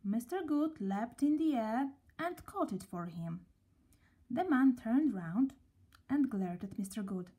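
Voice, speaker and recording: A woman reading a children's story aloud, gently and at a slow, storybook pace. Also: a little high, lively intonation, slightly rough.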